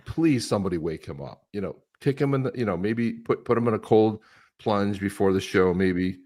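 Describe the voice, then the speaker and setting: A man's voice: lowish voice, normal speed, a little mellow. A man co-hosting a live-stream show, talking in a rambling, chatty way with lots of restarts. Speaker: co-host. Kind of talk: casual live-stream chat.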